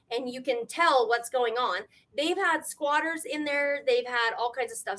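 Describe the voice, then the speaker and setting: Appearing as a guest on a live stream, this grandmother in middle age recounts her story with a high-pitched voice. Her delivery is lively and emotional, sometimes tearful, and she imitates the people she quotes, changing her voice for each.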